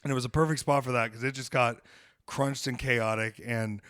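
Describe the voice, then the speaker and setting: A man hosts a podcast and tells a story in loose, casual chat. He is animated and swears freely, slipping into the voices of the people he quotes. His voice sits at an ordinary middle pitch, and the close mic sounds dry, with no room around it. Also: brisk, dry recording. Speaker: podcast host.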